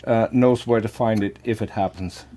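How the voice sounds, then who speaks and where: Halting man with Dutch first language. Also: lowish voice, steady tone, dark tone. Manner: halting, repeats words, many fillers. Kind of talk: casual panel chat.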